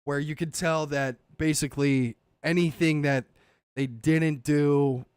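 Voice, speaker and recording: A man hosting a casual podcast chat, animated and swearing, acting out movie lines as he goes. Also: a little high, a little slow, smooth, dry recording, studio quality. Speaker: podcast host.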